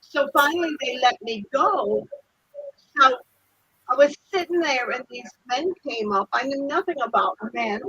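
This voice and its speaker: A woman's voice: high voice, expressive, measured pace, bright, forceful tone, husky, no echo, lo-fi sound. An older woman telling a story in a casual chat, laughing often and acting out other people's lines, heard over a video call. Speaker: guest.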